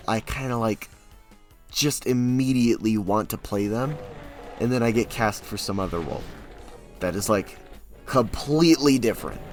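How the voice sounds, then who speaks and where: A young man chatting casually to his stream audience, rambling with sudden loud, animated bursts. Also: mid-range voice. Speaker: streamer and hobby actor. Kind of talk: casual chat to a live stream.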